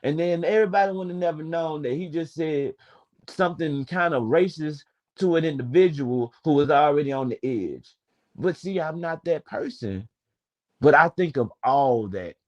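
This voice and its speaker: A man's voice: on the high side, normal speed, a little mellow, muffled recording. Wordy young man telling a story. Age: 20s. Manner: wordy, digressive, swears freely. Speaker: panel speaker. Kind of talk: casual storytelling.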